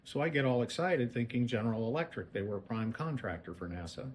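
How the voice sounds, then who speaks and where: A man leading visitors through a museum gallery, pointing out objects and spinning stories with animated energy. His voice sits at an ordinary middle pitch, with a faint hiss behind it. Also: fast talker, reverberant, rough recording. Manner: lively, animated storyteller. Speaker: museum guide. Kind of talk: museum tour talk.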